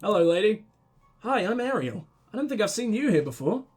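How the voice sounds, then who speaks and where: A man reading the lines of a soft-spoken young widow in his own voice. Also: high-pitched, sing-song, brisk, slightly rough, faint music behind, heavily acted. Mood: polite. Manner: plain dialogue-reading.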